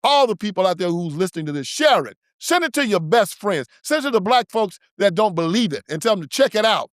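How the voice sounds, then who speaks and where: A man's voice: high-pitched, very animated, a little fast, no echo, clean studio sound. A man hosting his own show, delivering an emphatic, preachy and confrontational political commentary monologue. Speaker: show host.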